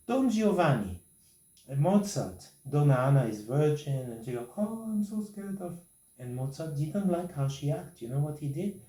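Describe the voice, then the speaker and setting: Man coaching piano, mellow voice, roomy distant sound. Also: fairly high pitch, animated, moderate pace. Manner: sings and scats rhythms to demonstrate; non-native English phrasing. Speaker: piano teacher.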